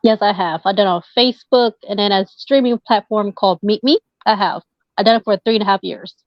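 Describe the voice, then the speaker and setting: A woman's voice: mid-range voice, fairly even intonation, brisk, dry recording. A woman, a tarot reader, talking casually and hesitantly as a podcast guest. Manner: hesitant, many fillers. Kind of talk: casual interview chat. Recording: dull dry lo-fi sound.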